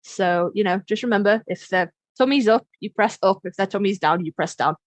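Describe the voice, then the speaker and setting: A woman's voice: medium pitch, fairly quick, no echo. A woman hosting a podcast, explaining things in a frank, candid way, swearing and laughing easily. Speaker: podcast host. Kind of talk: casual explainer chat.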